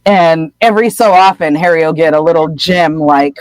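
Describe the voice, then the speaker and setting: Podcast lady retelling a chapter, animated, dry close mic. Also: low voice, normal speed, no room sound, low-quality recording. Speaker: podcast co-host. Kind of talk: casual story recap.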